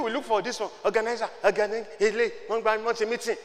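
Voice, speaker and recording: A man with a Nigerian accent preaching a sermon, swinging from quiet talk to shouting and slipping into Yoruba. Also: sits high, level tone, fast talker, few pauses, in a large hall. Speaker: pastor.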